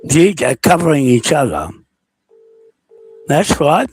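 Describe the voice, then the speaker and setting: A New Zealand man with a matching accent leaves a rambling, indignant recorded message, an unscripted rant in which he calls himself a landowner and keeps asking "okay?" His voice is a little high and sing-song, slow, with a breathy edge.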